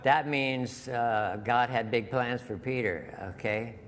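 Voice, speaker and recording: Slow-paced preacher in a reverberant hall. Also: male voice, mid-range voice, fairly bright tone. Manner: earnest, conversational preaching with repeated phrases. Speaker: pastor. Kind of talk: sermon. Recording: long hall reverb with faint noise.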